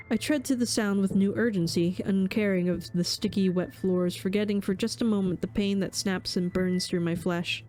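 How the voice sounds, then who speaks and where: A woman's voice: medium pitch, steady tone, moderate pace, few pauses, warm tone, soft background music. A woman streamer reading a horror visual novel aloud in a somber, dramatic way, with casual asides.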